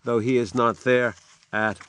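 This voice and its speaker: A man giving a lecture on drama, explaining the text in a measured way between quotations. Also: medium pitch, steady tone, fairly bright tone, clean tone. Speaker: literature lecturer.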